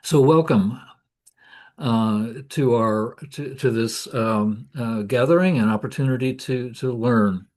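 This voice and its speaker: A man at a middle pitch welcomes people to an online series at a slow, unhurried pace. He hesitates, with pauses and fillers, and his voice comes through a video call. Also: darkish tone. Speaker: host. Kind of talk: welcoming introduction.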